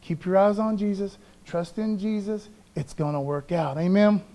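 A pastor preaches with fervent emphasis, rousing his congregation and slipping into casual, chatty asides. His voice sits high for a man. The delivery swings from loud calls to quiet, confiding lines. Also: normal speed. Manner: conversational, peppers speech with "man". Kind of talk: Easter sermon.

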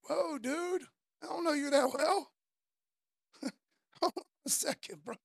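A woman preaching a casual sermon, slangy and conversational, telling the story in an animated way. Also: high voice, normal speed, creaky, dry recording, clean studio sound.

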